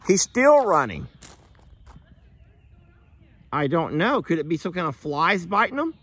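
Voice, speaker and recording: A man's voice: a little high, sing-song, fairly quick. A man talking through a casual farm vlog outdoors, chatting with his animals. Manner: chatty, talks softly to the animals. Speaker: farm vlogger.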